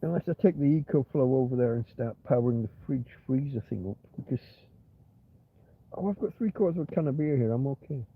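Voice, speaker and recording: Host: husky-voiced man, rambling livestream chatter, mutters, tinny phone-like sound. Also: mid-range voice, fairly quick. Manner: rambling, muttering, talks softly to his companion at times. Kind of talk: rambling casual livestream chat. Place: in bed on a cold night.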